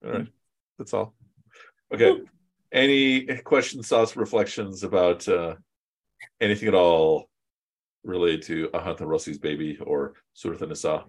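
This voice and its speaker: Deep-voiced man teaching a relaxed class. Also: moderate pace, long pauses. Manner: relaxed and joking, with chatty asides. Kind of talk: casual online class teaching.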